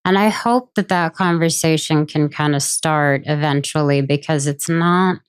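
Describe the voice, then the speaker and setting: A woman in her thirties, a podcast guest, talking candidly and haltingly. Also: sits low, clean tone, no echo. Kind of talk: casual podcast conversation.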